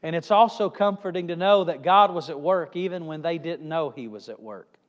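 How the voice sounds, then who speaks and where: A male evangelist preaching a sermon with emphatic swings in pitch and loudness, recorded in a church hall. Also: moderate pace, highs cut off. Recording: reverberant hall.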